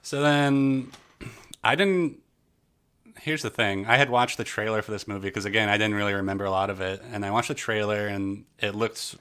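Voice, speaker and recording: Casting: male podcast co-host, low-ish bright voice, rambling banter. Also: normal speed, smooth. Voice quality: jokey, rambling, animated. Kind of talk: casual chat.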